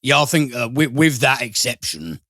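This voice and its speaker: A man's voice: mid-range voice, very animated, normal speed, pushed and bright, dry recording. A man co-hosting a podcast, telling rambling stories with restarts. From United Kingdom. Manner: rambling storyteller with restarts and laughs. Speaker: podcast co-host. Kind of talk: casual chat.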